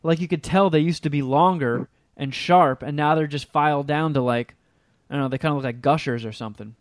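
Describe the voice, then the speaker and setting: A man's voice: fairly high pitch, fairly quick, no room sound, clean studio sound. A man hosting a podcast, telling rambling stories in casual chat with lots of swearing. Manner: rambling storytelling, heavy swearing. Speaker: podcast host.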